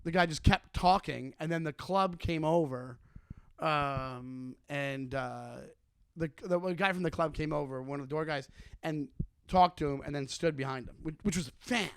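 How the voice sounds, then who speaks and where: A male comedian co-hosting a podcast, telling a rambling, animated story with frequent restarts and swearing. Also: fairly high pitch, normal speed, slight background noise. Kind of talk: casual chat, storytelling.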